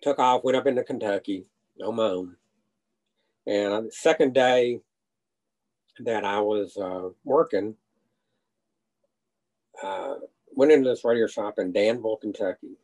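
Older man, low voice, retired salesman guest spinning rambling shop anecdotes. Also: measured pace, long pauses, a little mellow, low-quality recording. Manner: rambling anecdotes with restarts and acted quotes. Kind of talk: casual storytelling.

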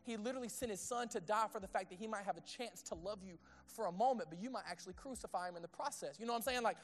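A man preaching a sermon in a conversational way, asking the audience questions and dropping to a hushed tone on intimate points. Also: high voice, racing. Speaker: pastor.

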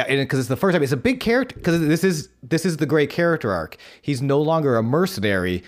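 A man co-hosting a podcast, chatting about comics in an excitable way, with lots of restarts and swearing. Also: a little high, fast talker, few pauses. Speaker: podcast co-host. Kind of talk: casual chat about comics.

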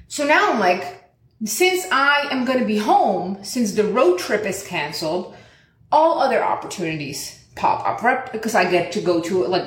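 A young woman telling a casual story and acting out the quoted lines, swearing often. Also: roomy sound. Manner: animated, acts out quoted lines in higher pitch, swears often.

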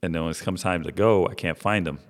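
A middle-aged man with a very deep, low voice tells stories in a relaxed, profane way, forever tossing in "you know what I'm saying". The room adds a long, lingering reverb. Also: fast. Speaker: barber, guest. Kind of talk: casual storytelling chat.

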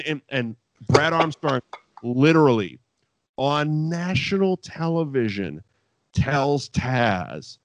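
A man's voice: medium pitch, slow, no room sound. Rambling, profane male podcast host. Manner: rambling, profane, animated storytelling. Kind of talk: casual chat recapping wrestling.

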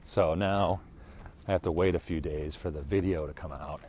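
A man hosting a podcast, talking in a casual, rambling monologue that is animated and exasperated, full of restarts and asides. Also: sits low, moderate pace, a little hiss or hum. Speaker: podcast host.

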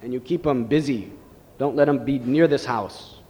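A man's voice: medium pitch, normal speed, dark tone, natural voice. Man voicing a stern devout father, firm orders, plain voice, hall reverb. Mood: commanding.

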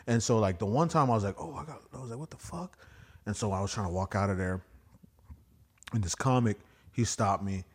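A man who does stand-up comedy, telling stories as a podcast guest in a loose, profane, slangy way, acting out what others said in lively quoted voices. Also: on the low side, fairly quick, slightly rough. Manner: profane and slangy, peppered with "bro" and "dude". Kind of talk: casual storytelling.

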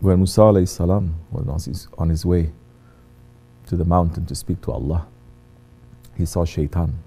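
Deep mellow-voiced man giving a sermon. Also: fairly even intonation, moderate pace, creaky, breathy edge. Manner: acts out quoted voices, swings from hushed to loud. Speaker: religious teacher.

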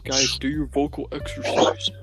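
A man's voice: fairly high pitch, wildly swooping pitch, moderate pace, over loud music. Man mocking friends with laughter. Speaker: podcast co-host. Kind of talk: casual podcast banter.

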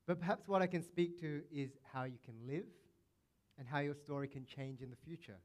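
A man's voice: fairly high pitch, fairly quick. A male pastor preaching a sermon in a conversational, playful way, acting out quotes now and then.

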